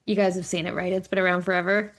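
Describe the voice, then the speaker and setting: Racing along in a lowish voice, this middle-aged podcast co-host spins animated stories in a friendly, casual chat. She curses freely and mimics the people she quotes, captured on a studio mic.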